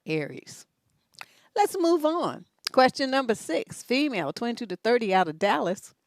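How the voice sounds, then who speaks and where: A woman's voice: a little high, big pitch swings, normal speed, dry recording, studio quality. Blunt, profane woman advice host. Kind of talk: unscripted advice show.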